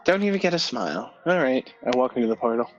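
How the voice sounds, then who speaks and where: A man's voice: medium pitch, very animated, quick pace. Casting: male player, playful banter, slightly dull call audio with music behind. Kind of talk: casual chat during a tabletop game.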